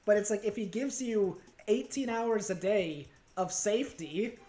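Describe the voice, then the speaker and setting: A woman streaming a game, chatting casually in a rambling, giggly, bemused way. Her voice sits at an ordinary middle pitch. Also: expressive, unhurried, warm tone, faint music behind.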